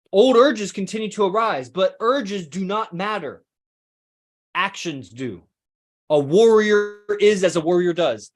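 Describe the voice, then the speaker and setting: The voice is a man's, slightly high-pitched and a bit bright, belonging to a laid-back podcast host musing philosophically. He wanders from thought to thought, curses casually, and keeps tripping over words before starting again.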